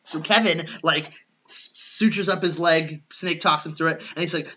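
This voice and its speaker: A young man co-hosting a casual podcast, rambling through a comic movie pitch with lots of fillers and acted-out lines. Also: moderate pace. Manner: rambling, animated, acts out characters in quoted voices. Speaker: podcast co-host.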